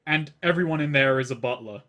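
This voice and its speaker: Man, game master, casual narration, mid pitch, rambling. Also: fast talker, pushed and bright. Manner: loose, rambling narration with fillers.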